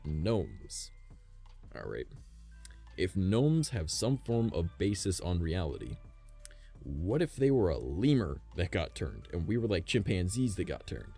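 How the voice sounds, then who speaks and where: A deep, gravelly male streamer talks casually at home, drifting from thought to thought and cursing freely. His pitch rises and falls a lot as he goes, with faint music underneath. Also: big pitch swings, measured pace, mellow. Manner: rambling, swears a lot, speculative. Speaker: livestreamer.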